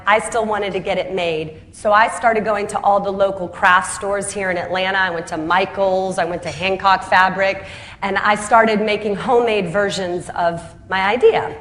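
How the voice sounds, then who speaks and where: A woman founder telling her story in a speech, lively and self-deprecating, acting out the voices of the people she quotes and laughing at her own punchlines. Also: medium pitch.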